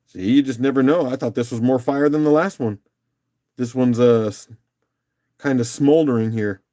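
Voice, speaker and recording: A man's voice: medium pitch, moderate pace, dark tone. A man hosting a casual live-stream rock auction, upbeat and chatty, calling out bids and laughing often.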